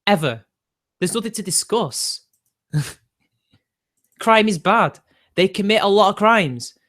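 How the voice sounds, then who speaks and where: A man's voice: high voice, animated, takes it slowly, a bit bright. A young man, arguing defensively with his live-stream chat and laughing between points.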